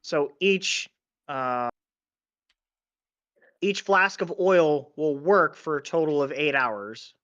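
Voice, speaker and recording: A man running a tabletop game as game master, explaining rules in a relaxed way with many fillers. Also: a little high, takes it slowly, long pauses, highs cut off.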